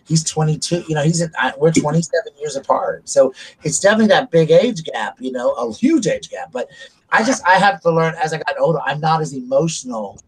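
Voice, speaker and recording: This host, a middle-aged man from South Carolina, talks openly in a rambling, confessional way about family and feelings during a casual chat. He speaks a little fast, with a fairly high, expressive voice that has a breathy edge.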